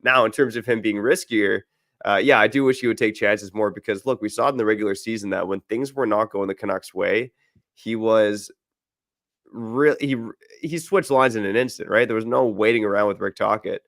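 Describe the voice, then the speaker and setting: A man hosting a sports podcast in a relaxed, chatty way. His voice sits low with a gravelly edge. The sound is dry and close to the mic. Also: normal speed, no room sound. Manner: easygoing, reads ad copy, filler-heavy. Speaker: podcast host. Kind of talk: casual sports podcast chat.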